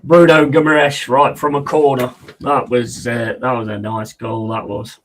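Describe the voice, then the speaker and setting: A man with a mid-range, level voice at a moderate pace hosts a football watch-along. In a chatty, laddish manner he calls the play and casually chats with viewers, reading their messages aloud and answering them.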